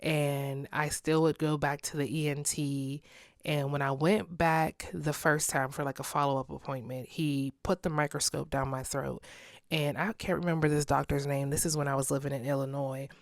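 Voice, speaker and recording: A woman's voice: sits low, fairly even intonation, moderate pace, no echo, clean studio sound. A young woman hosting a solo podcast, talking candidly in a casual way and laughing often. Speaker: podcast host.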